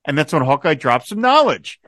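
Male podcast host, bright and forceful tone, dry close mic, eager recapper. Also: on the high side, brisk, dry recording. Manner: enthusiastic, quotes dialogue in animated bursts. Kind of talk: casual podcast discussion.

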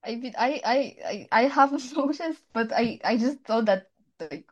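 A woman's voice: a little high, expressive, normal speed, highs cut off. Giggly woman co-host. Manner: laughs easily, short reactions. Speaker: podcast co-host. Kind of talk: casual chat.

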